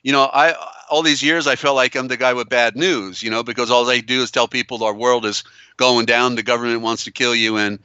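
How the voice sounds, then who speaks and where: A man hosts a live broadcast with insistent, circling emphasis. He stumbles through restarts and fillers. His voice sounds bright and crisp, close and dry on a slightly dull, lo-fi line. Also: mid-range voice, fairly even intonation, brisk, no room sound. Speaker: host. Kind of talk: live call-in show, reading viewer comments.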